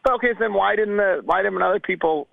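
A man co-hosting a casual talk radio show, asking quick questions and talking over others, heard over a tinny phone-like line. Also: sits high, gravelly, no room sound.

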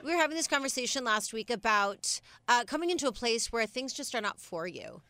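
A female co-host talks with a higher, bright and polished voice. She chats in a playful, gushing way, and the sound is dry. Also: big pitch swings, fairly quick, clear, resonant tone. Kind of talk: casual radio show chat.

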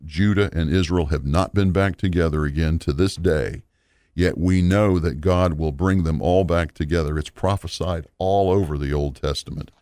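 A man with a very low voice teaches scripture at a measured, explanatory pace, pausing with small fillers. The sound is dry and close, with no room around it. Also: darkish tone, no room sound. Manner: slow, deliberate, explanatory, with fillers. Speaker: Bible teacher. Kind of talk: radio Bible teaching.

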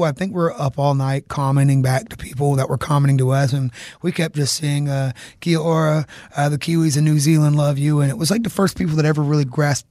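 A man's voice: a little high, darkish tone, no echo. A man who is a singer, chatting loosely and laughing as a guest in a radio studio. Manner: laughing, rambling storyteller. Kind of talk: casual chat and live singing.

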